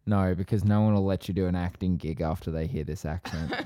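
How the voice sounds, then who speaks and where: A man's voice: low-pitched, fairly even intonation, brisk, mellow, no echo, studio quality. A man co-hosting a casual podcast, teasing and playful in banter. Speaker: podcast co-host.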